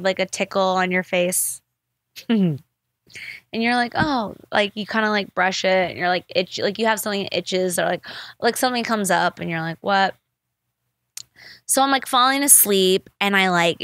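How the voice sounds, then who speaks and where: A woman hosting a podcast, telling stories in a casual, animated way, full of "like" fillers and swearing. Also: mid-range voice, no echo. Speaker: podcast host. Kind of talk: casual storytelling chat.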